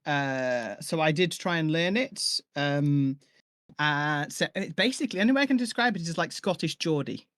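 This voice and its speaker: A man's voice: fairly high pitch, expressive, moderate pace, a bit bright, dry recording, studio quality. A man hosting a live-streamed chat about audio drama, rambling and enthusiastic with many restarts. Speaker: host and audio drama maker.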